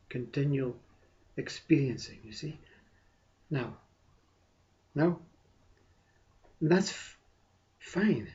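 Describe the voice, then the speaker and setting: A man giving a meditative spiritual talk, soft and unhurried, with long pauses and a repeated "you see". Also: fairly high pitch, lo-fi sound. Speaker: spiritual teacher.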